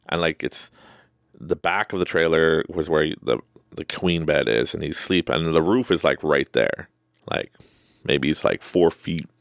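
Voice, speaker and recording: A man's voice: very deep voice, creaky, dry recording, studio quality. A middle-aged man hosting a podcast, telling a personal story in a rambling, casual way with frequent restarts and laughter. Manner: rambling, self-interrupting, laughs often. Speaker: podcast host.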